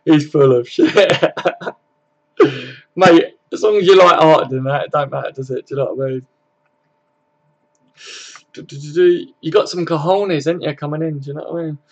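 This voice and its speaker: Pausing often at a moderate pace, a young man with a voice on the high side runs a casual football-fan stream, responding to viewers' comments with loose chat, plenty of swearing and frequent chuckles. The sound is lo-fi.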